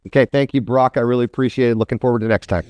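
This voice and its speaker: A man's voice: mid-range voice, fairly even intonation, very fast, darkish tone, smooth, no echo. A man from Canada, a guest in a podcast interview, talking in a friendly, joking way. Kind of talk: casual interview chat.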